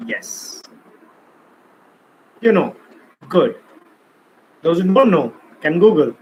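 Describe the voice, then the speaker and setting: High-voiced man lecturing emphatically. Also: sing-song, slow pace, a little mellow, a little hiss or hum, poor audio. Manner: emphatic, acts out example lines, asks the audience questions. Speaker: speaker. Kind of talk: motivational talk on communication skills. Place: lecture hall.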